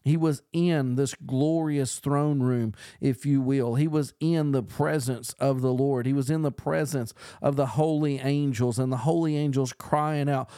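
A man's voice: mid-range voice, steady tone, unhurried, few pauses, warm tone, clean tone, no room sound, studio quality. A man preaching a podcast sermon in an earnest, emphatic way, building on repeated phrases.

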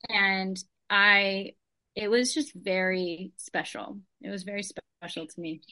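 A woman with a bright, clear voice shares a personal story with her study group. She talks in an earnest, chatty way, often reaching for "like" as she goes. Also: mid-range voice, steady tone, takes it slowly.

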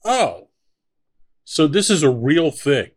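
A man co-hosting a casual podcast, playful, slowing down to explain things. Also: fairly high pitch, sing-song. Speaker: podcast co-host. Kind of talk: casual banter.

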